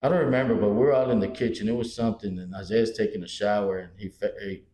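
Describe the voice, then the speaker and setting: A man's voice: lowish voice, fast talker. A man, chatting casually as a podcast co-host, telling stories with lots of swearing. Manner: profane, animated storyteller. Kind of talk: casual chat. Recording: echoey room.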